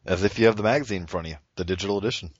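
A man who writes for the show chats casually on a podcast, racing through lists of names and rankings in a deep, husky voice. There's no room sound, but the audio is dull and lo-fi.

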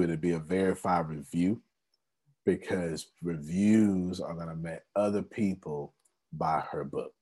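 A man's voice: low-pitched, steady tone, measured pace, warm tone. A man hosting a casual group video meeting, encouraging and repeating his praise. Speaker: host.

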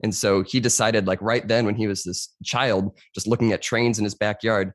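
A man's voice: on the low side, fairly even intonation, fairly quick, hardly any pauses, no echo, clean studio sound. A young man speaking as a podcast guest, explaining at length in a casual conversation and often saying "you know".

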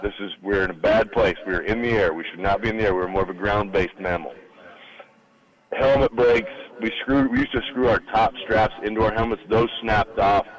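Low-voiced man spinning a lively story. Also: moderate pace, lo-fi sound. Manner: animated anecdotal storyteller acting out quotes. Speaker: guest, former college football lineman. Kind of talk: casual storytelling interview. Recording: radio broadcast studio.

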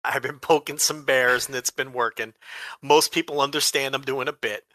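A man's voice: medium pitch, steady tone, normal speed, pushed and bright, dry recording. A man co-hosting a podcast from New Jersey, ranting in brash, profane casual banter. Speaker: podcast co-host.

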